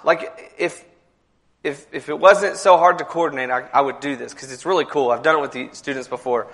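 Male pastor, sermon in a church, slightly high pitch, conversational with emphatic builds. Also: brisk, a bit bright. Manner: conversational, repeats words, builds to emphatic passages.

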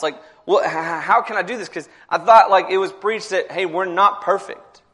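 Male pastor, sermon in a church, slightly high pitch, conversational with emphatic builds. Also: moderate pace, hardly any pauses, a bit bright. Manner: conversational, repeats words, builds to emphatic passages.

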